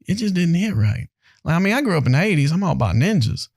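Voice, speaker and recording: A man's voice: on the high side, fast talker, gravelly, dry recording, studio quality. A man, co-hosting a podcast in casual chat and animatedly acting out the people in his stories. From North Carolina, US. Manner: animated storyteller who acts out quotes. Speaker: podcast co-host.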